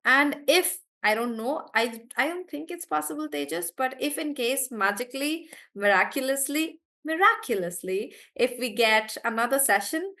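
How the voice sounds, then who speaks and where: A woman's voice: sits high, animated, moderate pace, few pauses, bright, forceful tone. A woman teacher, chatty in a live online class, explaining word stress through spoken examples. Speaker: English pronunciation teacher.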